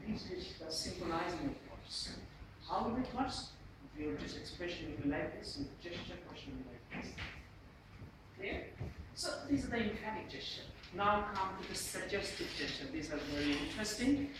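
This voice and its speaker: A man with a Bangladeshi English accent lecturing a university class on presentation gestures, often checking in with "Clear?" and "Yes?". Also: sits high. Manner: animated, repeatedly asks "Clear?" and "Yes?". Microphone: camera at the back of the room. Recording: echoey classroom from far off, noisy.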